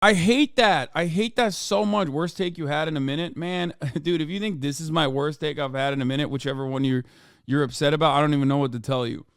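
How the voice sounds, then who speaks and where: A man streams live and talks back to his chat in a profane, ranting way, dropping to a mutter and then rising to a yell. His voice is fairly high and clean, and the sound is close and dry with no room around it. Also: brisk, clean tone, no room sound. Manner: profane, ranting, swings from mumbling to yelling. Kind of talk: livestream commentary, reading chat.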